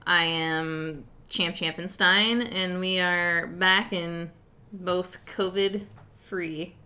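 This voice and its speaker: A woman's voice: on the low side, steady tone, extremely slow, sharp tone. A woman co-hosting a podcast in casual, loose chat, giggling often and swearing freely. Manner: giggly, laughs often between lines. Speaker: podcast co-host.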